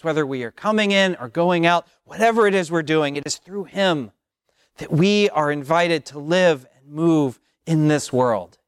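A man preaching a sermon as pastor, slow and measured, repeating phrases with long pauses. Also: fairly high pitch, smooth, dry recording, studio quality.

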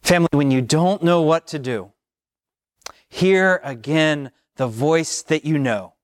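Slow-preaching man, dry close sound. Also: fairly high pitch, dry recording. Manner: slow, measured preaching with repeated phrases and long pauses. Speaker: pastor. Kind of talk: sermon.

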